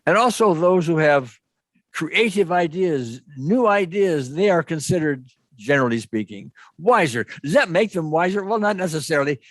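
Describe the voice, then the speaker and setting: A man's voice: a little high, no echo. A man hosting an online webinar, talking in a loose, rambling way and checking in with "okay?". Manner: rambling, restarts and asks "okay?". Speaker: webinar host. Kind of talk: casual teaching talk. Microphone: video call.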